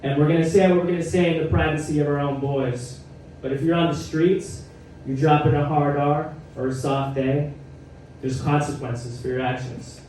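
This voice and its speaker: A man's voice: on the high side, little pitch movement, normal speed, darkish tone, a little hiss or hum. A male stand-up comedian telling a story in a conversational way with wry asides, on a comedy club stage. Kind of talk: stand-up set. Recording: echoey live room, heard from a distance.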